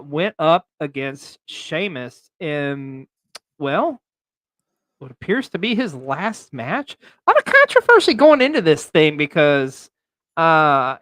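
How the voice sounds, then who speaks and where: A man's voice: fairly high pitch, wildly swooping pitch, slow pace, sharp tone, no room sound. A man hosting a wrestling recap show, delivering in a theatrical, announcer-like way. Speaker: host.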